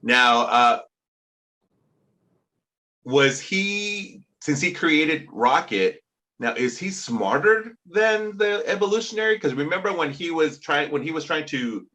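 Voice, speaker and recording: Podcast co-host, male, animated and bright, casual questioning chat. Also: fairly high pitch, takes it slowly.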